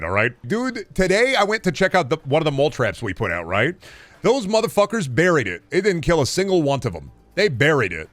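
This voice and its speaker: A man streaming a game, rambling in goofy bits and swearing freely as he plays. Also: no room sound. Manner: rambling, goofy, swings to loud high bits. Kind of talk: casual gameplay commentary.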